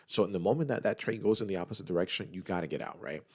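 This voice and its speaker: Man, middle-aged, from Puerto Rico, very low voice, casual podcast chat, animated, restarts sentences. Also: very fast, slightly rough. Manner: animated, repetitive restarts, addresses listeners as guys. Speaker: podcast co-host, trading group leader.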